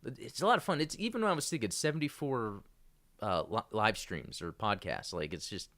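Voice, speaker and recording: A man's voice: on the low side, lively intonation, a little fast, a bit bright. A man hosting a casual live-streamed podcast, rambling with many fillers and restarts. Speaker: podcast host.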